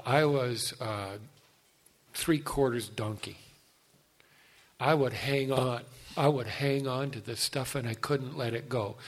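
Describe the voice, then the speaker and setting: Older male speaker sharing his testimony; animated, self-mocking storyteller who talks straight to the crowd. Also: medium pitch. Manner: animated, self-deprecating, asides to the audience. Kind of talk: personal storytelling talk.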